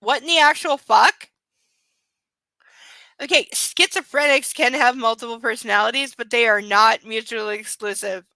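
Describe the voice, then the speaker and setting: A woman's voice: on the high side, sharp tone, no echo. A woman reading a novel aloud for her book club stream and breaking off into long, swear-filled commentary, peppered with "like" and "literally.". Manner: profane, swears constantly, rants.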